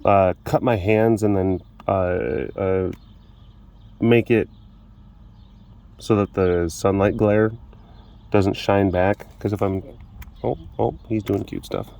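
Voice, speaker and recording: A man's voice: fairly low pitch, fairly even intonation, slow, gravelly, long pauses, mellow. A man vlogging at a big cat compound, talking in a rambling, chuckling, self-deprecating way while filming on a phone held close. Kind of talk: casual vlog chat. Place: animal compound, filming through a glass door.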